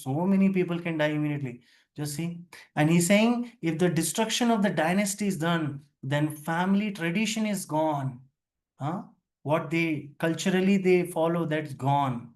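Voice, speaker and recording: Man, Indian English accent, scripture class teacher, slightly high pitch, conversational, questions the audience. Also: darkish tone. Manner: conversational, questioning the audience, mixing in Hindi words.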